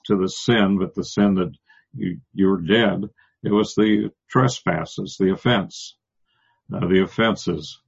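A man teaching a Bible passage verse by verse, pausing often and restarting, explaining the Greek words. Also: deep voice, gravelly, breathy edge, highs cut off. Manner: halting, many restarts and fillers, explains Greek word by word. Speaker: preacher.

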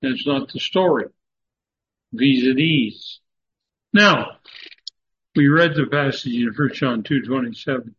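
Slow, halting male Bible teacher. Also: mid-range voice, fairly bright tone. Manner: slow, halting, many "uh" fillers, emphatic stresses. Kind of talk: Bible study lecture. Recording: dull lo-fi recording with faint noise.

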